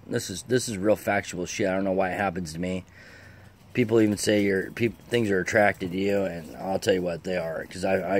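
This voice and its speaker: Gravelly low-voiced man swearing through a story. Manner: rambling, swears a lot, many fillers. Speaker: storyteller vlogger. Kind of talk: casual profane storytelling.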